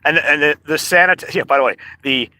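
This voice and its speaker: A man's voice: a little high, fairly quick, bright, forceful tone, no echo. A man ranting casually to the camera in a profane, rambling, indignant way. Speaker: vlogger.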